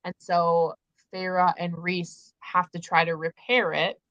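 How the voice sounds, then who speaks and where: A woman's voice: fairly low pitch, little pitch movement, slow pace, dull audio. A young woman hosting a casual book chat livestream, gushing and emphatic as she talks through the story. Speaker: host.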